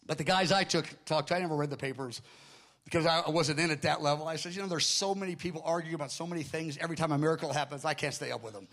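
A man's voice: fairly high pitch, rapid-fire. A middle-aged man preaching a sermon through stories, acting out the people in them, with rambling asides and corrections. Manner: animated, acts out the people in his stories. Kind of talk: storytelling sermon.

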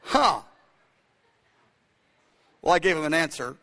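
Man, preacher, high voice, storytelling sermon, reverberant hall. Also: normal speed, bright, forceful tone. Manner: anecdotal, many fillers and restarts.

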